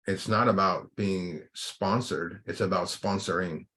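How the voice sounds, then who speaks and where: A man giving an earnest recovery-workshop talk and leading a guided meditation, slow and reflective. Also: deep voice, bright, forceful tone.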